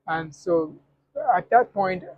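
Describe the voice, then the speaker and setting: A man's voice: sits high, takes it slowly, phone-quality sound, a little hiss or hum. A man being interviewed, speaking hesitantly with many fillers and restarts. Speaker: guest. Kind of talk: casual interview.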